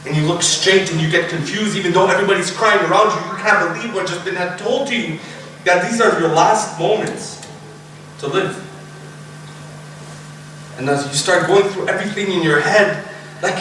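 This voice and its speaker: A young man preaches with dramatic storytelling and acts out voices, rising to shouts at the peaks. His voice is high and bright. It is recorded from a distance in a very echoey mosque hall with faint noise behind it. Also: brisk. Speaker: youth speaker. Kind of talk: emotional sermon. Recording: echoey room, speaker far from mic, faint noise.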